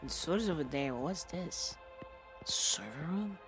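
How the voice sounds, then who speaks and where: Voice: medium pitch, lively intonation, a little slow. Let's play streamer, reads game text aloud, casual reactions, faint music behind. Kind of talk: game playthrough with reading aloud.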